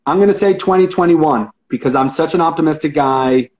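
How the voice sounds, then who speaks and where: A man's voice: a little high, a little fast, darkish tone, slight background noise, rough recording. A man answering interview questions, earnest and optimistic, often hesitating and restarting. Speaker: interview guest, hospitality professional.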